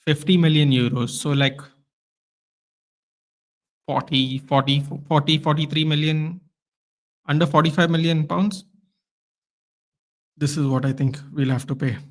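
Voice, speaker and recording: A man with a fairly high voice hosts a live match watchalong. He talks in loose, slangy chat and breaks into excited outbursts at the action on the pitch. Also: unhurried, pauses often. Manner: excitable, slangy, reacts loudly to play. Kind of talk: casual live football commentary and chat.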